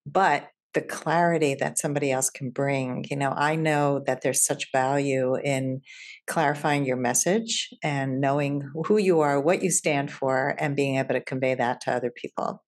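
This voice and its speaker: A woman's voice: sits low, measured pace. A woman hosting a casual interview, who speaks in a reflective, affirming way and builds on her guest's points. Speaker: interview host.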